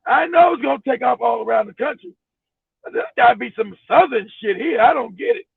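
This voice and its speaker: A man's voice: very high voice, animated, a little fast, gravelly, husky, no room sound. A man from Los Angeles hosting a casual podcast chat, a profane storyteller who laughs as he talks, heard over a tinny phone-like line. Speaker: host.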